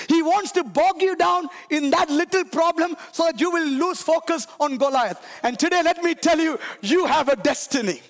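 Gravelly high-pitched man preaching loudly. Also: moderate pace, few pauses, long reverb tail. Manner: shouting, emphatic preaching with call-and-response. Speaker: pastor. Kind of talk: sermon. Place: church sanctuary.

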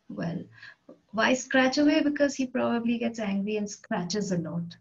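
A woman's voice: fairly high pitch, animated, moderate pace, dull audio. A woman teaching an English poetry lesson, reading each line and then explaining the words in simple terms.

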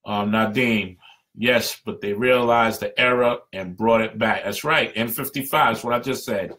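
A fired-up man addresses union members in a live stream, talking in a loose, colloquial way. His voice is bright and forceful, and he presses his points hard. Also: fairly low pitch, moderate pace. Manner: passionate, emphatic, colloquial. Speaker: union representative.

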